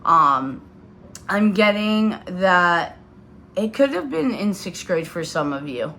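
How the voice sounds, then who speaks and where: A woman's voice: fairly low pitch, very animated, slow, pushed and bright, a little hiss or hum. A woman in her thirties giving a casual tarot reading to her viewers, chatty and loose, with lots of fillers. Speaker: tarot reader.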